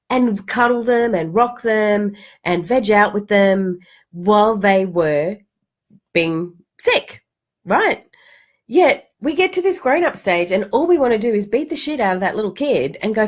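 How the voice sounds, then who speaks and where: An Australian woman hosting a live stream, hoarse from a cold, talking in a chatty, candid way with quick restarts and the odd swear word. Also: mid-range voice, expressive. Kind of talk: casual motivational live chat.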